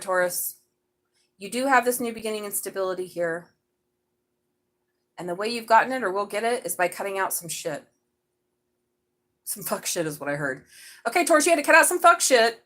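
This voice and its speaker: Excitable, chatty woman tarot reader. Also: medium pitch, a little fast, long pauses, rough recording. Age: middle-aged. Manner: chatty, excitable, swears casually. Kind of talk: live tarot reading.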